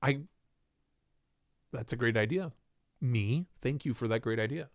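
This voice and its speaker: A man's voice: mid-range voice, a little slow, no room sound, clean studio sound. A man hosting a casual livestream, joking and reading chat aloud in a playful way. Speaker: livestream host.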